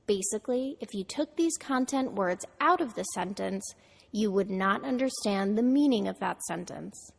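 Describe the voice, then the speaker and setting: A woman narrating a scripted pronunciation lesson, modeling words slowly and clearly for listeners to repeat. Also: mid-range voice. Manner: slow, deliberate, models words for repetition. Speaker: pronunciation teacher. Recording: reverberant audio played through a video call.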